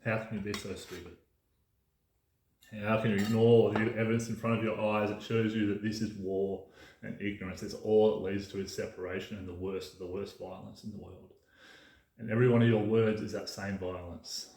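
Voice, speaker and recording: A man's voice: on the low side, flat delivery, a little fast, darkish tone. A man delivering an emphatic, ranting casual monologue as a podcast host, swearing freely. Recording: roomy echo.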